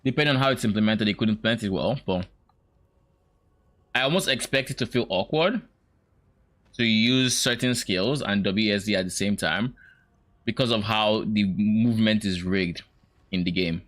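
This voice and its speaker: A young man reacting on stream, musing out loud with strong opinions and frequent hesitant restarts. His voice sits on the low side and stays conversational throughout. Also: normal speed, pauses often. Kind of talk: casual reaction commentary.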